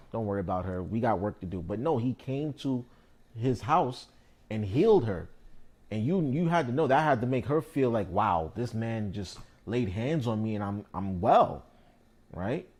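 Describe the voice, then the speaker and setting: A man's voice: medium pitch, a little mellow. A man leading a scripture study, explaining verses in casual slangy talk and laughing often. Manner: laughs often, acts out scenes in slangy voices. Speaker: teaching officer.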